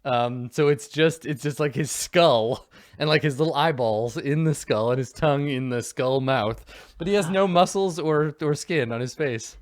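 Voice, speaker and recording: A man's voice: on the high side, moderate pace, dry recording. A man narrating as game master in a casual, rambling way, full of fillers.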